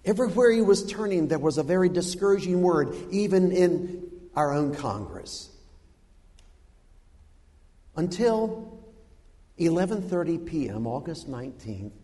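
A man preaching a sermon, telling a story in an animated, humorous way with dramatic pauses. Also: on the high side. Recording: long hall reverb.

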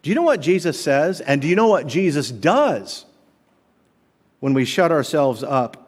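Preaching pastor in a reverberant hall. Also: male voice, on the high side, normal speed. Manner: animated preaching, rhetorical questions to the congregation. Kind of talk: sermon. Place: church sanctuary. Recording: long reverb of a large hall.

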